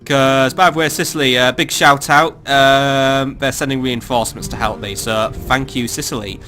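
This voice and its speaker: A man's voice: medium pitch, fairly even intonation, normal speed, pushed and bright, faint music behind. A man giving casual, sardonic gameplay commentary as a let's play host, swearing freely and thinking aloud.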